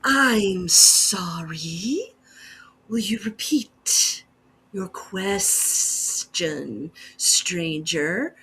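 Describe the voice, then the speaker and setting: A woman voicing a graceful, menacing bee-woman shopkeeper who speaks slowly in a whisper and buzzes. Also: lowish voice, lively intonation, sharp tone, breathy edge, heavily acted. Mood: puzzled. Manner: slow, drawn-out, whispery, ends lines with a buzz.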